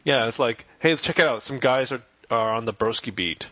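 A man's voice: medium pitch, normal speed, bright, forceful tone, no room sound. A man co-hosting a podcast, explaining things in a laid-back, wry way. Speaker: podcast co-host. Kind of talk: casual chat.

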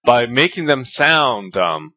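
A man's voice: medium pitch, very animated, slow, sharp tone. A man co-hosting a podcast in casual chat, making his points earnestly and thoughtfully and laughing easily. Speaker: podcast co-host.

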